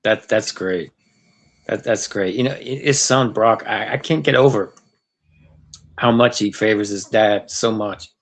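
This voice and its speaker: A man's voice: lowish voice, unhurried. A man interviewing, giving short replies and laughing. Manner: brief backchannel replies and laughs.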